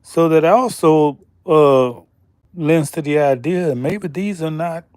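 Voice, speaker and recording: A man hosting a slow, deliberate commentary monologue, emphatic and pausing often, asking pointed rhetorical questions. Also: a little high, darkish tone, clear, resonant tone, dry recording, studio quality. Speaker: channel host.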